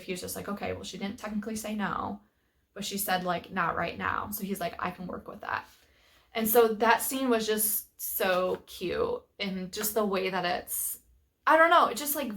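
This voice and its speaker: A woman's voice: mid-range voice, fairly bright tone. A young woman casually reviewing a book, retelling the scenes in a chatty way full of quoted dialogue and fillers.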